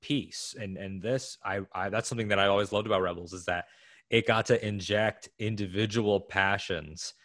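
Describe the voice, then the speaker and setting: A man co-hosting a podcast in casual chat, speaking with enthusiasm in quick bursts. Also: on the low side, steady tone, fairly bright tone, dry recording, studio quality. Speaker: podcast co-host.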